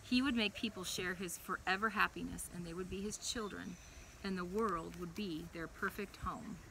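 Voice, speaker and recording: A young woman leading a preschool chapel, reading a Bible story to young children in a playful, animated way. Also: fairly low pitch, moderate pace, creaky, slight background noise, rough recording.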